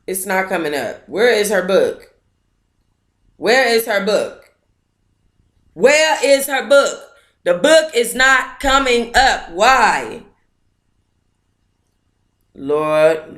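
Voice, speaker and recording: A woman hosts a casual online book club chat with a bright, clear tone. She talks slowly and mutters to herself, then breaks into excitable, dramatic outbursts. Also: lowish voice.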